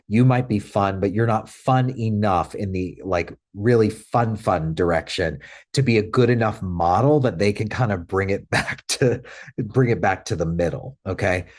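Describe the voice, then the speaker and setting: A man teaching a webinar as a clinical trainer, talking conversationally with many fillers and tag questions. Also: fairly low pitch. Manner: acts out playful lines in a bright fun voice. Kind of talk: webinar lecture.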